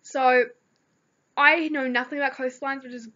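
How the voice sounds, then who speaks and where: A woman's voice: high voice, fairly even intonation, normal speed, sharp tone. A teenage girl with a New Zealand accent, rambling through a story in a chatty vlog with lots of fillers. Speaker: vlogger. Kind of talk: casual chat. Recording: dull lo-fi recording.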